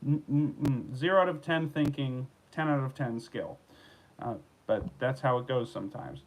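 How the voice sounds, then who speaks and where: A man hosts his own show from home, delivering a solo comedic news rant: he reads odd news stories aloud and riffs on them sarcastically, rambling with plenty of restarts and asides. His voice is medium-pitched and a little slow. The recording quality is low.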